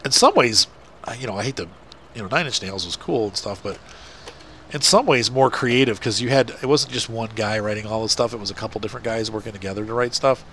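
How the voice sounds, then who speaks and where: A gaming video host, a middle-aged man with a stuffed-up nose, chats and rambles while playing a farming game, poking fun at himself. His voice is fairly low yet fairly bright and quick, with slight background noise.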